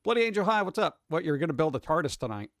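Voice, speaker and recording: Man, live stream host, casual rambling chat, higher-pitched, dry mic. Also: very animated, racing, fairly bright tone, no echo. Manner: rambling, greets chat viewers one by one.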